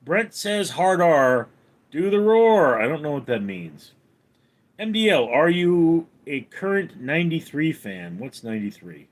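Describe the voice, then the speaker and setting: Slow, lively-pitched male streamer reading chat. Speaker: livestream host. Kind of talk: reading live chat aloud.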